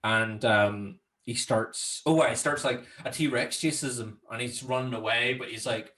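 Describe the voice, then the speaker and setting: A Northern Irish man in easygoing podcast chat, with a mid-pitched voice. He laughs often and breaks into squeaky impressions whenever he quotes a scene. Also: a little slow, sharp tone. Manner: laughs often, jumps into high silly voices when quoting scenes. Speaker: podcast co-host. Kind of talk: casual chat.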